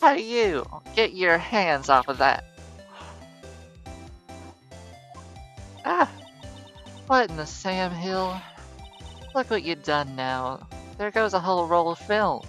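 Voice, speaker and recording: A streamer voicing a brash, loud young Southern woman photographer with an American Southern drawl, folksy and scolding. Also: medium pitch, sing-song, unhurried, gravelly, faint music behind, pitched above the performer's own voice, exaggerated voice. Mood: indignant. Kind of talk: visual novel voice reading.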